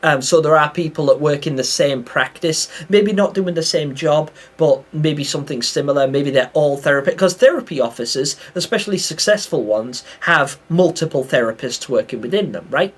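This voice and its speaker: Chatty young British streamer, slightly high voice, laughs a lot while reading chat. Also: male voice, expressive, normal speed, few pauses. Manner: chatty, reads chat aloud, laughs often. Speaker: live game streamer. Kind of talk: casual live-stream chat while gaming.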